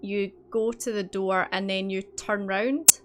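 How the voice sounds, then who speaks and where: A woman narrating as dungeon master for a tabletop game, relaxed and chatty with lots of fillers. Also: medium pitch, slow pace, background noise. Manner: relaxed, filler-heavy narration with easy laughs. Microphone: streaming mic.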